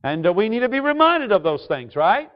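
A man preaching a sermon to a congregation, asking them questions and switching from loud emphasis to quiet asides. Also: sits high, big pitch swings, fairly quick. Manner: call-and-response questions to the congregation. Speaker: pastor. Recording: dull lo-fi sound.

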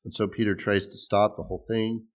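A man's voice: lowish voice, little pitch movement, a little fast. A man preaching a sermon in a conversational way, explaining scripture with restarts and small laughs. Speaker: pastor.

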